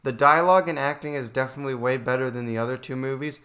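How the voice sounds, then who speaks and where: A man co-hosts a casual movie review chat in an even, middle-pitched voice. He makes his criticisms in a dry, matter-of-fact way. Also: quick pace. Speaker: co-host.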